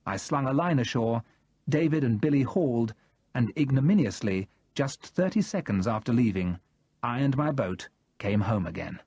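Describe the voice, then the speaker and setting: A male audiobook narrator reads in the first person with a husky voice. His pitch moves a great deal as he tells the story in a measured, expressive way. The recording is dry and close. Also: no room sound.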